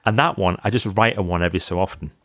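A man telling lively, self-mocking stories in a casual chat over a video call from his office library. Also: sits low, very fast, dry recording, studio quality. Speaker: podcast guest, author.

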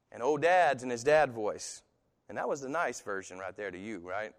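A man preaching in a church, swinging from soft asides to loud, emphatic lines. His voice is mid-pitched and sits in a long, ringing hall reverb. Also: normal speed. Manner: animated, swinging from soft to loud with voice-acted quotes. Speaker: pastor. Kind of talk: sermon.

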